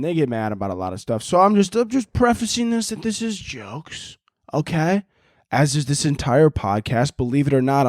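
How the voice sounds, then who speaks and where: A young man hosting a casual solo podcast, telling animated stories with lots of swearing and jokes. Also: medium pitch, no room sound, studio quality. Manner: animated storytelling, swearing, joking. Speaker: podcast host.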